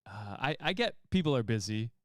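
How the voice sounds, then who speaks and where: A man's voice: mid-range voice, very animated, brisk, no echo, studio quality. A man hosting a podcast, reading a story aloud and chatting, often breaking into laughter. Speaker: podcast host reading stories. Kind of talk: reading aloud and casual chat.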